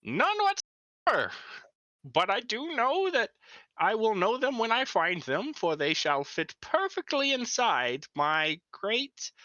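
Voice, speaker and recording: A man's voice: sits high, very animated, takes it slowly, sharp tone, no echo, muffled recording, exaggerated voice. A man voicing an ancient exiled male minotaur king who speaks in a grand, formal manner and coughs between his words. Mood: indignant.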